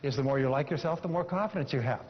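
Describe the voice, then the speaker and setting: A man delivers a motivational seminar with an emphatic, coaching manner and returns to key phrases again and again. His voice sits a little higher than most men's. It comes through a dull, lo-fi recording that carries a long reverb from a large hall. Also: racing. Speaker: seminar speaker.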